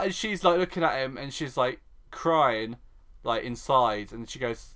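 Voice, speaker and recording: A woman's voice: very deep voice, normal speed. A woman co-hosting a podcast, recapping a soap in casual chat and acting out the characters in mock voices. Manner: animated, acts out characters in mock voices, laughs often. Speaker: podcast co-host.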